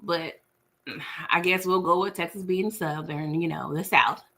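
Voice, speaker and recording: East coast lady livestreaming off her laptop, eating dinner, loose chatty talk, bright punchy voice. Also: lowish voice, fairly even intonation, unhurried. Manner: chatty, laughing, addresses viewers directly; chewing while talking. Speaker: livestream host. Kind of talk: casual livestream chat. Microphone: laptop mic.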